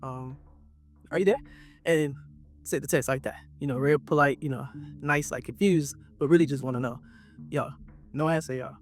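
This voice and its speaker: A young man telling a story to his viewers in a casual, animated way, acting out what people said. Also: mid-range voice, moderate pace. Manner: animated, acts out quotes, talks straight to viewers. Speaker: vlogger.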